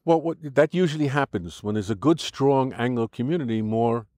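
A man's voice: mid-range voice, normal speed, a little mellow, no room sound, studio quality. An older American-born man with an American accent, giving an interview in an argumentative, lecturing way, restarting sentences often. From United States. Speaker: interview guest.

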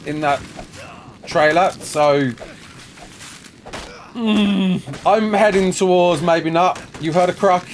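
A man's voice: on the high side, a little hiss or hum. A tired man chatting casually and rambling as a gaming streamer, answering viewer questions while he plays. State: sleep-deprived. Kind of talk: casual live gameplay chat.

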